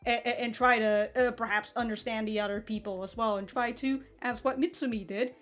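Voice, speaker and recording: Chatty woman with a bright, high voice. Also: fairly even intonation, fairly quick, faint music behind. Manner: chatty, laughs often, stumbles and restarts. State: feeling hot. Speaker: anime reaction host. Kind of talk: casual reaction commentary.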